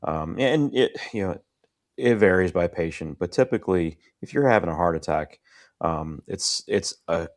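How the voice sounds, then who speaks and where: A middle-aged man co-hosting a podcast, a first responder explaining his heart attack in a measured, clinical way. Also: sits low, expressive. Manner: measured, clinical, trails off softly. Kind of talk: conversational storytelling.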